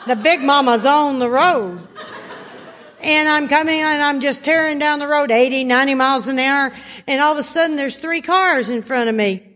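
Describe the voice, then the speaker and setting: High-voiced woman telling a story in a hall. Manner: animated, laughing storyteller. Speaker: recovery workshop speaker. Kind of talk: storytelling talk to a live audience. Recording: hall reverb, faint noise.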